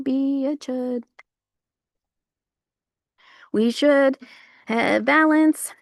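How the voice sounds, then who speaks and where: A woman's voice: high-pitched, normal speed, gravelly, no echo, clean studio sound. A woman livestreaming outdoors, rambling in casual chat with her viewers and filling her talk with likes and you-knows. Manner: rambling, animated, full of fillers. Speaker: livestream host.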